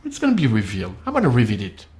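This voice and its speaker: A man's voice: medium pitch, huge pitch swings, racing, darkish tone, reverberant. Emphatic man with a tinged delivery. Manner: emphatic, accusatory, acts out others' replies. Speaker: commentator. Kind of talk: direct-to-camera monologue.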